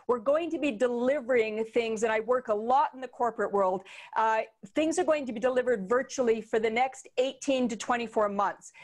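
A woman who works as an etiquette trainer, speaking emphatically and encouragingly on a video call. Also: on the high side. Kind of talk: persuasive call chat.

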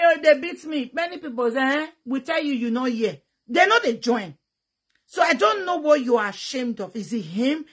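A young woman with a Nigerian Pidgin English accent, talking frankly and bluntly to her viewers, with loud bursts and sound effects. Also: sits high, husky. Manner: blunt and teasing. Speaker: vlogger. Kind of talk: frank casual talk to viewers.

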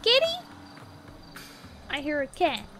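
A woman's voice: very high voice, animated, slow pace, over music. A young woman streaming a game, giggling and squealing as she role-plays as a puppy. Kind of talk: playful gaming stream.

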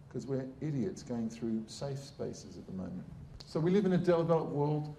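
A man's voice: mid-range voice, lively intonation, normal speed, hardly any pauses, dark tone, a little hiss or hum. A middle-aged man, a surgeon giving a blunt, sarcastic public talk.

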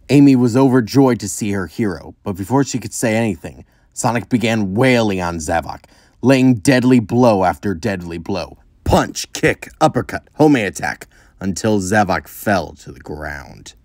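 A man reading a fan story aloud in steady storytelling narration. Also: lowish voice, no echo, clean studio sound.

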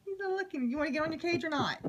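A woman's voice: very high voice, very fast, lo-fi sound, slight background noise. A woman at home filming her pet cockatoo, cooing and baby-talking to it and laughing often. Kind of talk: casual home video chat. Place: living room at home. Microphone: handheld camera.

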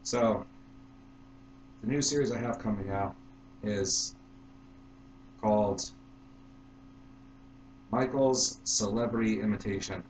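Man, casual vlogger, low voice, very slow and halting delivery, roomy sound with a faint hum. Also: darkish tone. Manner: halting, unhurried, with fillers and restarts. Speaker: YouTube vlogger. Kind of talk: casual vlog to camera.

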